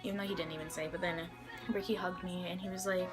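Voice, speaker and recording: A woman's voice: lowish voice, steady tone, fast talker. Chatty young woman over music. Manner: chatty, many fillers and quoted dialogue. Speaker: vlogger. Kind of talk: casual storytelling.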